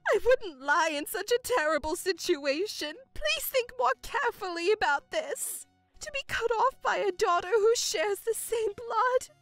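Woman playing a shrill, whiny mother. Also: big pitch swings, moderate pace, soft background music. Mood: wailing. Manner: whiny, stammering outbursts. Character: self-pitying middle-aged mother, shrill and controlling. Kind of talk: dramatized story narration.

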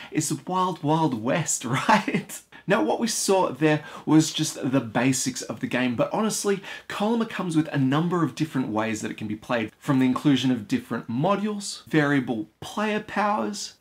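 A man hosting a board game channel, explaining rules and giving an enthusiastic, chatty review straight to the viewers. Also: a little high.

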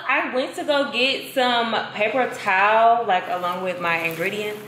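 A woman's voice: mid-range voice, animated, normal speed, a bit bright, slight background noise. Exasperated young woman venting. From Wisconsin. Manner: venting, exasperated, swears freely. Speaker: vlogger. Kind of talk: casual vlog chat.

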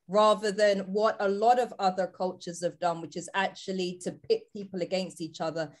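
A woman's voice: mid-range voice, level tone, moderate pace. A woman on a live video call panel, speaking earnestly and articulately in praise of the guests. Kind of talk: heartfelt live discussion.

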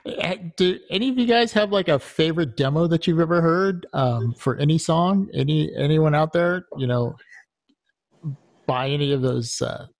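A man's voice: a little high, expressive, moderate pace. A man hosting a podcast panel, asking questions and searching for words with hesitant fillers. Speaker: podcast host.

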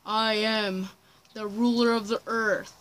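A woman doing a bullying old grandpa villain from a home-made game role-play who gloats, threatens and cackles. The voice sits a bit high and the talk comes slowly and drawn out. A faint hiss lies under it. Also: flat delivery, a bit bright. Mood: gloating.

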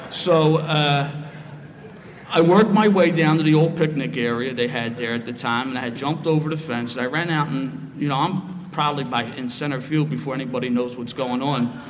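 A middle-aged man with a Philadelphia accent, telling a lively, humorous story of his past at a recovery meeting. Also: mid-range voice. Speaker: speaker sharing his story. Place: meeting hall. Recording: roomy hall, faint noise.

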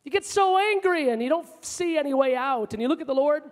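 A man preaching a sermon with passion, moving between loud outbursts and hushed asides, in a large church hall. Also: very high-pitched, animated, brisk. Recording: long hall reverb.

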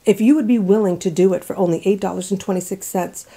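Woman telling a story casually, warm mellow voice, laughs a lot, goes quiet and hushed for asides. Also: mid-range voice, fast talker, slightly rough. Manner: animated, laughs often, drops to hushed asides.

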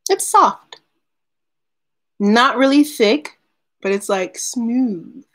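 A woman's voice: fairly high pitch, extremely slow, a bit bright. A woman chats casually on a live stream, unboxing products and calling out to viewers by name. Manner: chatty, talks to viewers by name, laughs often. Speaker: unboxing vlogger.

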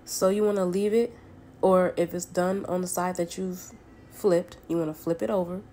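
A Southern woman with a fairly low voice, talking her viewers through breakfast at her own stove. Her chat is folksy and loose, peppered with endearments, and a faint hum of household ambience sits behind her. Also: little pitch movement, normal speed, dark tone. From Southern United States. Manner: folksy and chatty, calls viewers honey and baby. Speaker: home cook. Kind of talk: casual cooking tutorial chat. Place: home kitchen at the stove.

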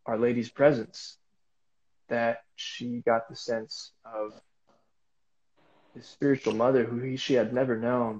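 A man's voice: medium pitch, vocal fry, muffled recording. A man speaking as a guest, telling a casual faith testimony in a rambling way with many fillers and restarts.

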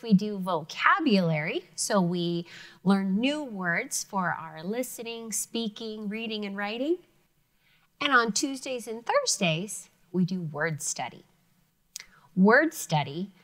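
A woman teacher giving an encouraging, clearly spoken lesson to young students. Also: mid-range voice, fairly bright tone. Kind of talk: televised classroom lesson for children.

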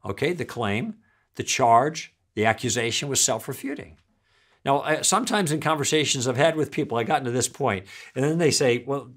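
Man, middle-aged, church teaching talk, lively pitch, acts out dialogue. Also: fairly quick. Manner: animated storytelling, acting out dialogue.

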